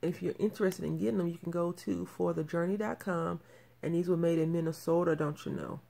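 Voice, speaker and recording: A woman's voice: fairly low pitch, fairly even intonation, fast, vocal fry, mellow. A woman in her thirties showing off crafting mail in a casual show-and-tell, gushing and repeating her praise. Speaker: crafting channel host.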